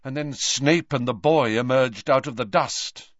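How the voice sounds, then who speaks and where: A man voicing a calm adult teacher figure who speaks firmly. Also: mid-range voice, measured pace, dry recording, dull audio, voice pushed up, lightly acted. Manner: firm.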